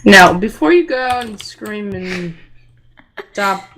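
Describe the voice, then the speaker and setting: A man's voice: high-pitched, animated, takes it slowly, sharp tone, slight background noise. A teenage boy co-hosting a goofy amateur podcast, teasing and interrupting his friend. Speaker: podcast co-host.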